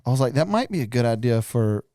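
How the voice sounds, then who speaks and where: A man co-hosting a hunting podcast in easy, relaxed chat. His voice is mellow and warm, with a smooth, resonant tone. He rambles through explanations and laughs a lot. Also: medium pitch, no echo, studio quality. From North Carolina, US. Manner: laid-back, laughs often, drawn-out explanations. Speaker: podcast co-host. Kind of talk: casual chat.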